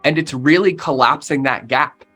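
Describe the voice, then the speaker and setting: A man's voice: a little high, moderate pace, sharp tone, breathy edge, faint music behind. A man talking as a podcast guest, with an emphatic, punchy way of speaking that repeats phrases for effect. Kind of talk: motivational interview talk.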